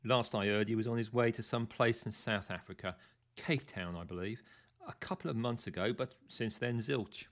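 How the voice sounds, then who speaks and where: A scornful, gruff middle-aged man who mocks everyone he speaks to, voiced by a male storyteller. His voice sits low and gravelly, and he speaks with sardonic bite. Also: normal speed, lightly acted. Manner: gruff and mocking.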